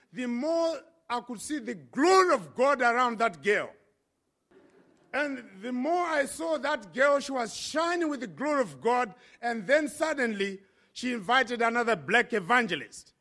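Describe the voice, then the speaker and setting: A man from Africa telling his conversion story as a sermon testimony, impassioned with dramatic pauses. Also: very high voice, lively intonation, bright, forceful tone. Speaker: preacher.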